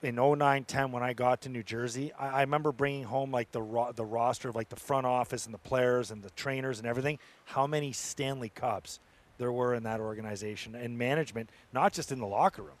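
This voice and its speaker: A former hockey player on a sports panel, quietly looking back on his early seasons. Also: medium pitch, steady tone, a little fast. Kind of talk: casual sports talk.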